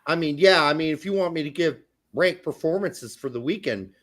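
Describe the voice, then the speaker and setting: Animated high-voiced man. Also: fairly quick. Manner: profane, animated, emphatic. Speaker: podcast co-host. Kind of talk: casual soccer chat.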